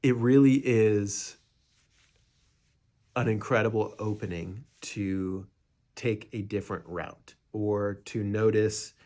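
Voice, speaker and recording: Relaxed low-voiced man teaching meditation. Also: slow. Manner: relaxed, rambling, many fillers and restarts, acts out quoted friends. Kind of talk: casual spoken teaching.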